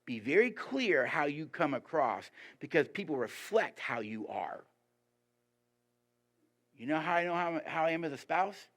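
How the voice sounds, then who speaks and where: A man giving a sermon as a guest preacher, lively and emphatic, putting rhetorical questions to the congregation. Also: unhurried. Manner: lively and emphatic, pitch rising on key points.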